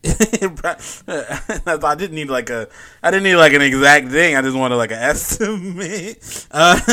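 A man's voice: fairly high pitch, animated, sharp tone. A young man in casual chat, swearing freely, laughing and acting out what others say. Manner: profane, laughing, acts out others in quick voices.

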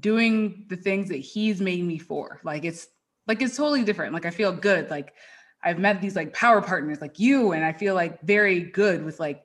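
A woman's voice: on the low side, normal speed. A woman guest on a podcast, talking earnestly and casually about her faith and purpose, with a lot of "like" fillers. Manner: earnest and faith-driven, peppered with "like". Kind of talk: casual interview chat.

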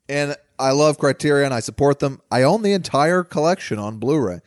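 A man's voice: a little high, lively intonation, moderate pace, dry recording, studio quality. A man co-hosting a podcast, chatting casually and animatedly about movies and swearing freely. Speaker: podcast co-host.

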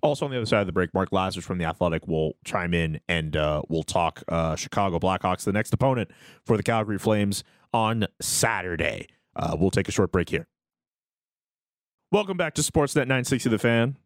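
A man's voice: deep voice, brisk, no echo. A man hosting a sports radio show in a studio, chatting casually and upbeat. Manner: lively, laughs easily, upbeat. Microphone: studio mic.

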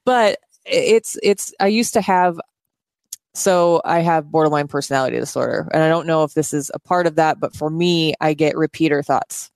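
A woman's voice: deep voice, normal speed, a little mellow, dry recording. A woman co-hosting a podcast in casual chat, earnest and rambling, often losing words and restarting, recorded indoors at her house. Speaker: podcast co-host.

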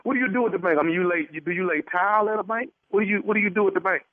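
A man's voice: high-pitched, very fast, no echo. A man making a radio prank call, stammering and playing dumb. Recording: tinny phone line.

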